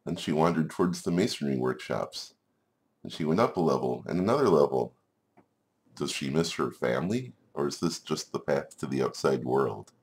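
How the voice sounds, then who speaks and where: Super deep voiced guy telling a game story like a bedtime tale, playful. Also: expressive, normal speed. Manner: playful, chuckling asides. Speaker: game video narrator. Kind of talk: storybook narration over gameplay.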